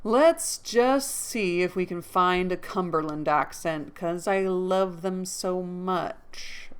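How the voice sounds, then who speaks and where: A woman's voice: lowish voice, slow, clear, resonant tone. A woman reading a classic novel aloud as a podcast host, with chatty, amused asides. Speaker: book reader and podcast host. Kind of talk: reading aloud and casual chat.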